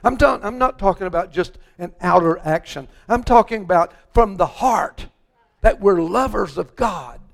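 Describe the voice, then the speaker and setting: A man's voice: high voice, expressive, moderate pace, creaky. An older man from West Texas preaching a sermon, telling stories in a rambling way full of restarts and repeated words.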